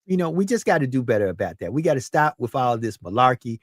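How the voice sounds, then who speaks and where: A man in his fifties hosting a podcast chat, middle-pitched and emphatic. He preaches his points and often repeats words. The sound is dry, with no room echo. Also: very animated, fast. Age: 50s. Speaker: podcast host. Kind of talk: casual chat.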